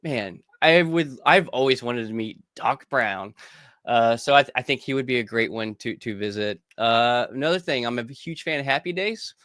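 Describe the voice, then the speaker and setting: A relaxed man chatting as co-host of a pop-culture podcast, with a mid-pitched voice. He laughs easily and often restarts his sentences mid-thought. The sound is dry and close, with no room echo. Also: normal speed. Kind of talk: casual chat.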